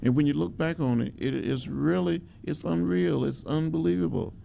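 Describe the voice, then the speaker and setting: An older man, telling his history slowly and with emphasis, pausing on his words. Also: on the high side, gravelly, warm tone, a little hiss or hum. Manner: measured storytelling with emphatic pauses and fillers. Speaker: interviewee, civil rights veteran. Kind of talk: reflective oral history interview.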